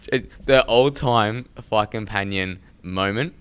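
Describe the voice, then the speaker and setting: A man's voice: fairly low pitch, takes it slowly, fairly bright tone, clean tone. A man chatting casually on a podcast, rambling, laughing and swearing often, on a studio mic. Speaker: podcast guest. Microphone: studio mic with headphones.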